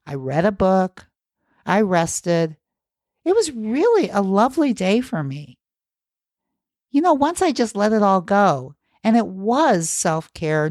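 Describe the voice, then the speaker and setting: A woman's voice: medium pitch, darkish tone, no echo. Earnest woman coach, dry close mic. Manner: earnest, coaching, asks listeners rhetorical questions. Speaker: podcast host, coach. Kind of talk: solo podcast talk.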